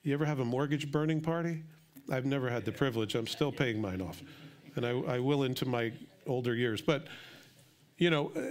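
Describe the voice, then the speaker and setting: This middle-aged male pastor delivers a sermon at medium pitch. He shifts between soft, intimate asides and loud, excited emphasis.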